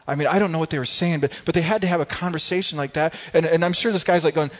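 A male pastor preaches a sermon conversationally, often restarting phrases and acting out what people in the story say. His fairly high voice races with few pauses, and the sound is lo-fi.

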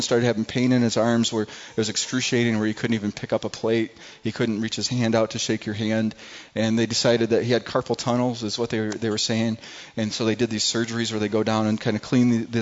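A middle-aged man preaching a personal testimony in a church, his voice set somewhat low. He tells it earnestly, stumbling and restarting as he goes, and the recording sounds dull and lo-fi. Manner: earnest, halting storytelling with many restarts. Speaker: pastor.

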